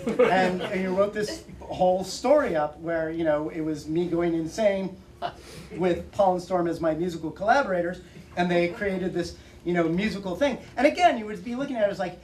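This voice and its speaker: Man, author, bookstore talk, animated, laughing, roomy, distant mic. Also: sits high, brisk. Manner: animated, laughing often, acting out quotes. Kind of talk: casual storytelling to an audience. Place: bookstore event room. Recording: roomy audio from far off.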